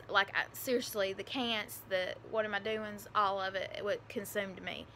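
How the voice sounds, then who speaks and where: A woman's voice: medium pitch, fairly even intonation, moderate pace, bright, forceful tone, a little hiss or hum. A young woman with a country accent telling a personal story in a casual, rambling, earnest way, with lots of fillers. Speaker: adoptive mother vlogger.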